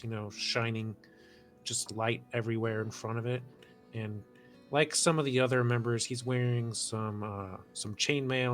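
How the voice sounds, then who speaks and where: A man's voice: medium pitch, fairly bright tone. A man player describing his character in a tabletop game, descriptive with fillers.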